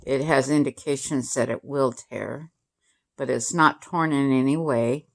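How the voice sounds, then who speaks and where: This is a woman in her sixties with a low, gravelly voice. She talks slowly and casually to her viewers, chuckling often as she tells family anecdotes. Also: fairly even intonation. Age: 60s. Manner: chatty, laughs often while telling family stories. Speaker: vlogger. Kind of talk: casual storytelling to camera.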